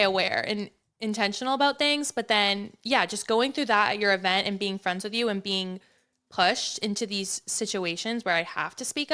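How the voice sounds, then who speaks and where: A woman hosting a podcast in casual conversation with a guest. She speaks in a reflective, heartfelt way, and her voice is a little higher than most. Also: fairly bright tone. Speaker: podcast host.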